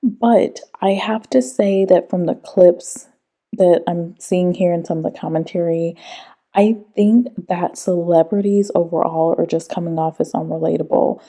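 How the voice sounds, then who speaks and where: A woman hosting a commentary video, talking through clips in a measured, reasoning way with some hesitations. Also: lowish voice, fairly even intonation, mellow. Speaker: commentary host. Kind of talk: casual commentary.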